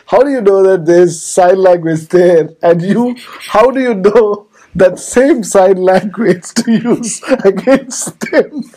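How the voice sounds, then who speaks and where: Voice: mid-range voice, slow pace, hardly any pauses, mellow, rough recording. A podcast interviewer asking a guest questions in a conversational way, with frequent laughter between questions.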